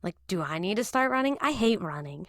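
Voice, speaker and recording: A woman's voice: mid-range voice, very animated, moderate pace, fairly bright tone, no echo, studio quality. Bubbly young woman hosting a podcast. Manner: bubbly, laughs often. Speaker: podcast host. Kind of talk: casual chat. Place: home, in Boston.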